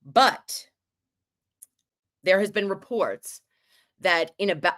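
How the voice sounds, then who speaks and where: Animated, swearing New woman storyteller. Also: lowish voice. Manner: animated, profane, quick asides and laughter. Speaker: livestream host. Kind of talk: casual storytelling chat.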